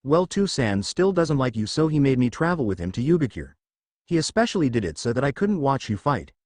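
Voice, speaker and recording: A clingy, sulky young woman who pouts and complains, as a man reads her. The delivery is lively in pitch, close and dry. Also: brisk, dry recording. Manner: pouting, complaining.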